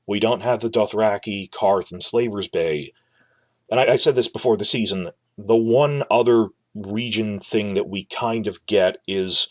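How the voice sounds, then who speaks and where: A man's voice: lowish voice, a bit bright, dry recording. A man hosting a casual reaction video, rambling through his thoughts with frequent restarts. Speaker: video host. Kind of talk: casual episode reaction commentary.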